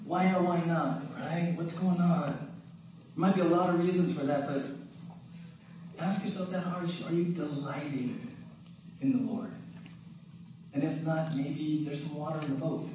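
A man's voice: fairly high pitch, normal speed, pauses often, a little mellow. Conversational preacher man in an echoey hall. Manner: conversational, asks the crowd questions, repeats "right?". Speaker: pastor. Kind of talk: sermon. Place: church sanctuary. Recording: very echoey hall, mic at a distance, faint noise.

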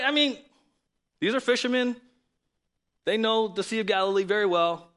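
Lively, bright-voiced male pastor. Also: sits high, normal speed, pauses often. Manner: lively, conversational preaching with sudden loud emphasis; reads scripture aloud. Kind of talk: sermon.

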